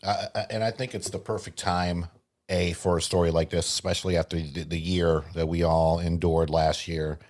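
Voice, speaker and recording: A man's voice: sits low, little pitch movement, moderate pace, darkish tone. A man co-hosting a podcast, chatting loosely about movies, laughing often and swearing casually. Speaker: podcast co-host. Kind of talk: casual chat.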